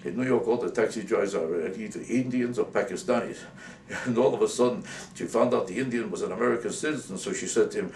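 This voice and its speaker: A man's voice: on the low side, a little mellow. A male comedian delivering an indignant, sarcastic comic rant to camera. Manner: indignant, rapid-fire, sarcastic. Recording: roomy, distant mic, faint hiss.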